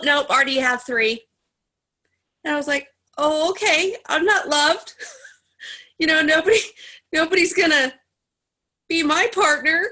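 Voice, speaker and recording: Woman, high bright voice, animated personal storyteller in a support group. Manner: animated storyteller, acts out others' lines in a higher voice. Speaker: group member sharing a story. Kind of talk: casual personal sharing in a group session.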